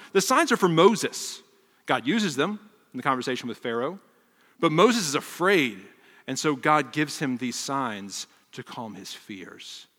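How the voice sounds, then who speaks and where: A middle-aged man preaching a sermon with animated delivery, acting out quoted voices and dropping to a hush for emphasis. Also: medium pitch. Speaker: pastor. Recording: long reverb of a large hall.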